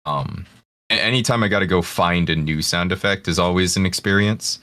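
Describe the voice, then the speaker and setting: A man's voice: low voice, moderate pace, a bit bright. A man who voices ASMR audio, answering in a casual podcast discussion and stumbling and restarting as he goes. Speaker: ASMR voice actor.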